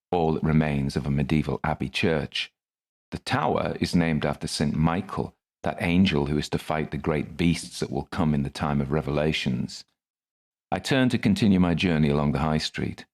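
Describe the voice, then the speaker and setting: A man narrating his own first-person story in a dry, wry manner. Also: a bass voice.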